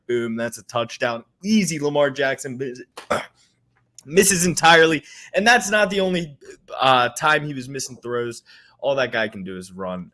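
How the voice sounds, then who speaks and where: A man's voice: medium pitch, bright, forceful tone. Co-host guy venting about a quarterback, exasperated and emphatic. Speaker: podcast co-host. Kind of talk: casual sports chat.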